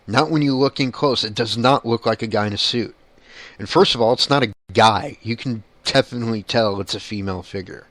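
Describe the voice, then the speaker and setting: A man's voice: on the low side, fairly quick, fairly bright tone, no room sound. A man who is a paranormal investigator, talking bluntly in a casual monologue and swearing casually.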